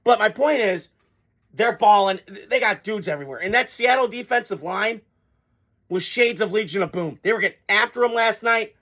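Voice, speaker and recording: Blunt, high-voiced man doing football talk. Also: normal speed, a bit bright. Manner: blunt, rambling, swears freely. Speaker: sports commentator host. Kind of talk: casual sports reaction vlog.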